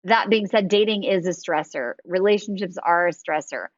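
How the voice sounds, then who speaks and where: A woman's voice: fairly low pitch, normal speed, no echo, muffled recording. A woman hosting a podcast, chatting casually and animatedly about dating with lots of fillers. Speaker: dating coach and podcast host.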